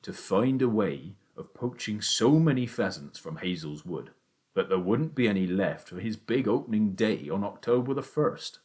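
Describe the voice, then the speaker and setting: A man reading a hushed, scheming father. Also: on the low side, expressive, normal speed, natural voice. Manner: hushed and conspiratorial, then rousing. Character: scheming, excitable father, middle-aged man.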